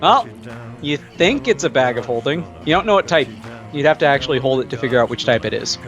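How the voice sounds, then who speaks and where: A man's voice: medium pitch, animated, fast talker, a bit bright, muffled recording, soft background music. A man narrating as game master in a laid-back, hesitant way.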